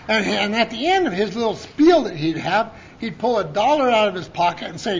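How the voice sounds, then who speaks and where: High-voiced folksy man telling stories. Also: big pitch swings, fairly quick, hardly any pauses, a little hiss or hum. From Montana. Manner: folksy, rambling, many restarts, acts out quoted voices. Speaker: conference speaker. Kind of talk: recovery talk storytelling. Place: conference hall. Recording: lo-fi conference tape.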